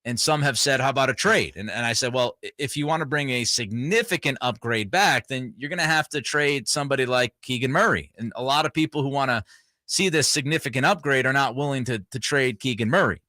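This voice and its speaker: Bright-voiced rambling sports radio man. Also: mid-range voice, a little fast, no room sound, studio quality. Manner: rambling, filler-heavy, restarts. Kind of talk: casual sports talk.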